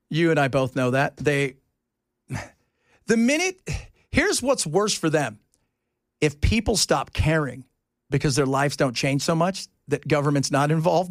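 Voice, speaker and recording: A man hosting a talk radio show, rambling in a casual, animated way from topic to topic. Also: fairly high pitch, dry recording, clean studio sound.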